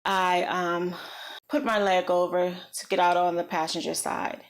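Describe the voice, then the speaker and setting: A woman's voice: fairly low pitch, level tone. Woman telling a personal story earnestly. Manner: earnest, reflective; slow and halting, with many pauses. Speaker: vlogger.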